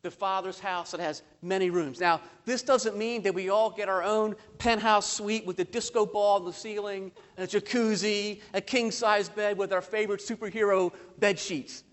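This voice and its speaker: A man preaching a sermon as pastor, slowing down for emphatic lines, asking rhetorical questions, surging in loudness and adding self-deprecating humor. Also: sits high, fairly even intonation. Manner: impassioned preaching with slow emphatic phrases and sudden surges in loudness.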